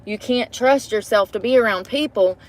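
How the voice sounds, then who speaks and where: A woman's voice: a little high, normal speed. A woman vlogging to a phone camera from inside her parked car, chatty and profane, breaking into laughter often. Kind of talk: casual chat to camera.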